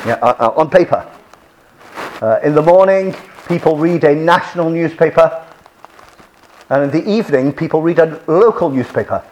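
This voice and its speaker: A man's voice: a little high, expressive, normal speed, a little mellow, a little hiss or hum, rough recording. A man giving a classroom lecture with slides, chatty, often repeating and restarting his phrases.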